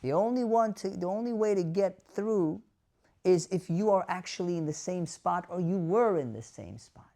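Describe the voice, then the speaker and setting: A man's voice: high voice, animated, moderate pace, vocal fry, mellow. A man, a physician, telling an emotional story straight to camera in an earnest way, often asking the viewers questions. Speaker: dementia care physician.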